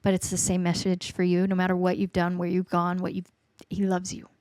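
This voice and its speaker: A woman's voice: lowish voice, completely flat delivery, fairly quick, darkish tone, dry recording. A woman in her forties hosting a faith podcast, telling a personal testimony in an earnest, emotional way that often sinks to a near whisper. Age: 40s. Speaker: podcast host.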